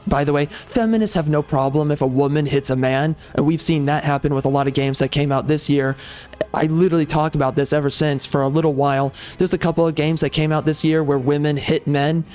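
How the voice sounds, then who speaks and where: A man's voice: a little high, darkish tone. A man hosting a gaming channel, giving opinionated commentary in a rambling, emphatic way with many fillers and restarts.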